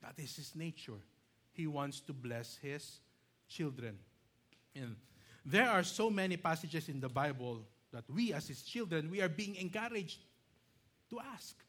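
A Filipino pastor preaches with a Filipino accent, his voice sitting a bit high for a man. He is emphatic, rising on the words he stresses and slipping into Tagalog asides with the congregation. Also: fairly bright tone. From Philippines. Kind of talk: sermon. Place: church.

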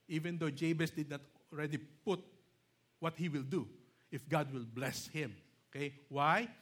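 A male pastor preaching a sermon, emphatic, stretching key words slowly and often checking in with "okay?" and "right?". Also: fairly high pitch, a bit bright.

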